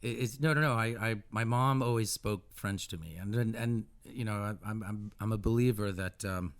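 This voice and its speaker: A middle-aged American man talking as a musician guest in a casual radio interview, halting with many restarts and animated asides. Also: lowish voice, clean tone. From United States.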